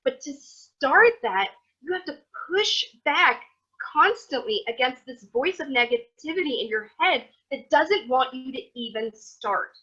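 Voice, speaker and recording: A woman, teaching a motivational class in a chatty, animated way. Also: sits high, measured pace, hardly any pauses, breathy edge. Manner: animated, chatty, acts out quotes. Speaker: Torah teacher. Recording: dull lo-fi sound.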